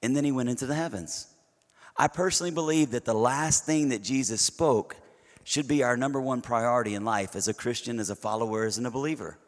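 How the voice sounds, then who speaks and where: A man's voice: medium pitch, a little fast. A middle-aged man preaching a sermon to a church congregation. He talks in a conversational way, throws rhetorical questions at the listeners and often stumbles into repeated words as he restarts phrases. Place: church sanctuary. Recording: long hall reverb.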